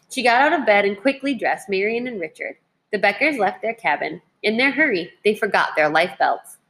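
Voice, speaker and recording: A woman teacher reading a children's history book aloud in a clear, measured way. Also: medium pitch, a bit bright.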